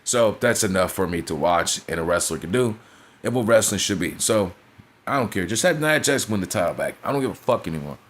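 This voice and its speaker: Man, lower register, casual ranting reviewer, blunt and foul-mouthed, heavy slang. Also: animated, a little fast, fairly bright tone. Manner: blunt, profane, slangy, with frequent "you feel me" asides. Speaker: wrestling reviewer.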